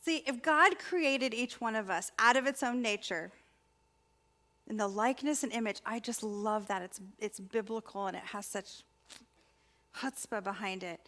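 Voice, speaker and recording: Woman preaching a spiritual talk, higher voice, chatty and expressive. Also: normal speed. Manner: expressive, repetitive emphasis, conversational. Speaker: spiritual practitioner and ministry student speaker. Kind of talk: inspirational sermon talk.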